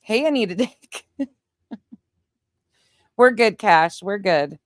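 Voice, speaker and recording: A middle-aged woman with a Southern US accent hosts a livestream, chatting casually and reading viewer comments aloud, laughing often and swearing from time to time. Her medium-pitched voice is animated but slow. The recording is dry and studio-clean.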